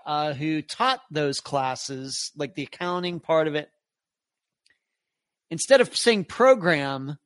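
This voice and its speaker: A man's voice: on the high side, a bit bright, no echo, clean studio sound. A middle-aged man hosting a live podcast, reading viewer comments aloud in a rambling, chatty way with many restarts. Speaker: podcast host.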